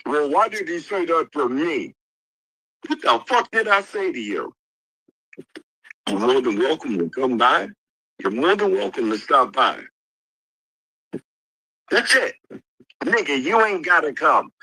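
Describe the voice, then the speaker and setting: Man, heated livestream argument, angry, profane, repetitive insults, bright voice, lively pitch. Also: dry recording, poor audio. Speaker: livestream participant. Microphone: streaming call mic.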